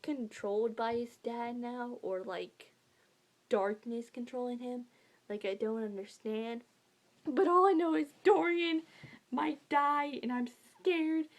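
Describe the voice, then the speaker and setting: A young woman vlogging about a novel she loved, in a gushing, breathless way that swings from hushed whispers to high squeals. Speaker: book vlogger. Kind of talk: excited casual book talk.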